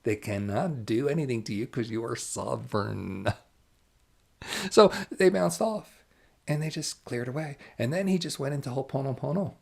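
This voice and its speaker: A man giving an animated, emphatic channeled spiritual talk, now and then dropping to hushed asides. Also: mid-range voice, fairly quick, creaky, hardly any pauses.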